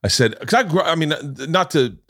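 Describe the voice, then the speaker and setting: A man's voice: on the high side, big pitch swings, brisk, a bit bright, no echo, clean studio sound. A man in his forties hosting a podcast, telling rambling, profane comic stories and acting out the voices of the people in them. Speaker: podcast host. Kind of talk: casual comedic storytelling.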